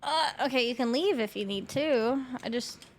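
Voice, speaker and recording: A woman's voice: on the high side, moderate pace. A young adult woman streaming a game, chatting casually with her viewers in a rambling way, swearing often and laughing a lot.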